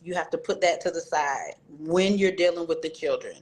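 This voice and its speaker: Fortyish woman author chatting in an interview, lowish voice, animated, does the voices of people she's quoting. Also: normal speed. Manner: animated storyteller, acts out quoted voices. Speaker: guest author. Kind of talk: candid interview talk.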